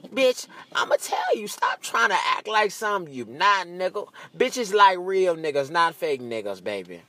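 A man with a high, bright voice rants profanely for comic effect and keeps breaking into laughter at his own lines. A faint noise sits under the recording. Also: big pitch swings, measured pace. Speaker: comedian. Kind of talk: comic rant to camera.

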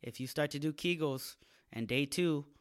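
The man's voice sits on the high side, clean in tone and at normal speed. As a comedian on his own podcast, he riffs through a crude, laid-back monologue full of slang and acted-out characters.

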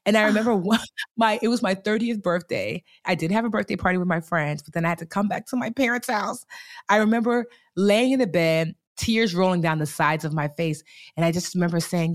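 Woman in her forties, interview guest, animated and chatty, slightly low pitch. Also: fairly quick. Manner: animated, chatty, lots of fillers. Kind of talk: casual storytelling.

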